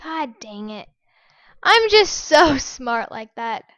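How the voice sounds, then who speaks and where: High-voiced excitable woman gaming. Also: slow, no echo, studio quality. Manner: excitable, shrieks and gasps when startled. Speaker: gaming channel host. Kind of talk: casual gameplay commentary.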